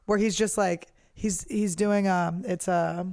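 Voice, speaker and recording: A woman's voice: mid-range voice, takes it slowly, no echo, clean studio sound. A woman comedian talking in a casual monologue, blunt and profane as she rants. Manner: blunt, profane, lively ranting. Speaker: professional comedian, podcast host.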